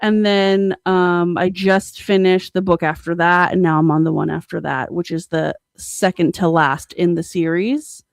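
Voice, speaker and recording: Young female co-host, filler-heavy casual chat, slightly low voice, dead-dry room. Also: a little slow, vocal fry, hardly any pauses, no room sound. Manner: chatty, many fillers, bursts of excitement. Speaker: podcast co-host.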